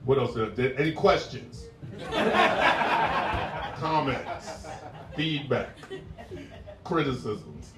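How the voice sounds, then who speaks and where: A male stand-up comedian with a mid-range voice talks very slowly with long pauses, working the crowd, cursing and breaking into acted voices. Recorded at a live comedy show with passersby nearby, the distant mic gives roomy sound with the audience and heavy background noise.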